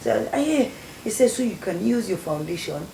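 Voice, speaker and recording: Animated Sierra Leonean woman storyteller. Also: mid-range voice, a little fast, gravelly. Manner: animated storyteller acting out quoted voices. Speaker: guest, former beauty queen. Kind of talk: storytelling interview. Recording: echoey studio with faint noise.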